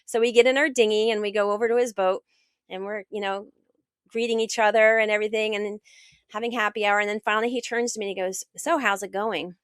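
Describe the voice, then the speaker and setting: An American woman, middle-aged, a guest author and sailor telling her story in a casual interview, animated and acting out what others said. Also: medium pitch, fast talker, clear, resonant tone, no echo. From United States. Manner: animated, acts out quoted dialogue.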